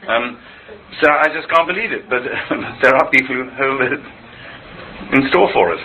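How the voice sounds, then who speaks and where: Animated, stammering man. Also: medium pitch, moderate pace, poor audio. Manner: animated, with frequent stammered repetitions. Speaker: interviewee. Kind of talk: impassioned conversational interview.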